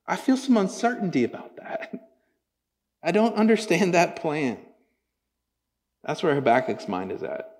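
A man preaching a sermon in a casual, conversational way, swinging his pitch up and down as he acts out quoted voices. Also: very animated, unhurried, long pauses, darkish tone. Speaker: pastor. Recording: long hall reverb.

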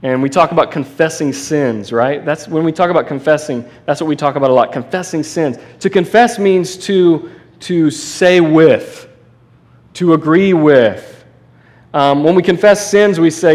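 A man preaching a sermon in a conversational, animated way, with restarts and asides. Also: on the high side, normal speed. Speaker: pastor.

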